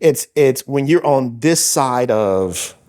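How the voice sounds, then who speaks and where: A man's voice: medium pitch, lively intonation, slow pace, a little mellow. A man in his forties, a podcast co-host, telling a story in casual chat with many restarts and fillers.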